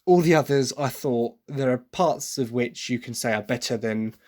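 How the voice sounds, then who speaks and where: A man's voice: medium pitch, moderate pace, darkish tone. A young man hosting a solo podcast, talking through his opinions in an enthusiastic, rambling way. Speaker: podcast host.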